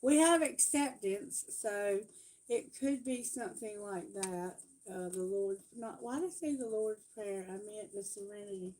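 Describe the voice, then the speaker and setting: Slow-talking woman doing a tarot livestream. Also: medium pitch, noisy background. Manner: chatty, self-correcting, reads lyrics and prayers aloud. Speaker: tarot reader. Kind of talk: live-streamed tarot reading. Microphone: phone.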